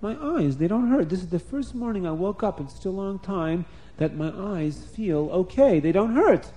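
Man doing a wailing, high-pitched poor man. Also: animated, normal speed, mellow. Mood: amazed. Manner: wailing, sing-song complaint. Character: poor grieving man with aching eyes.

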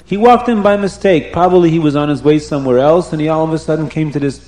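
Male storyteller, religious children's tale, slightly high voice, animated, roomy echo. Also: fast.

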